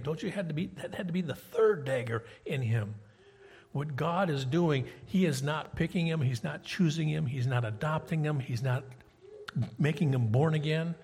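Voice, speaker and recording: A man's voice: a little high, moderate pace, a little mellow, husky, long reverb tail. A man preaching a sermon, retelling scripture in a conversational storytelling way and putting questions to the congregation.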